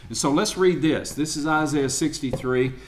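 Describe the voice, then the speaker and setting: A man preaching a sermon in a church, reading scripture aloud in an earnest, measured way. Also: a little high.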